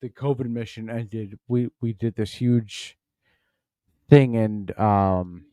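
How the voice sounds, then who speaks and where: A man's voice: fairly low pitch, slow, mellow, smooth, no room sound. A tipsy man hosting a comedy podcast from home, rambling, stumbling over his words and cursing as he reacts to a news clip. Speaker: podcast host. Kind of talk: casual comedic commentary.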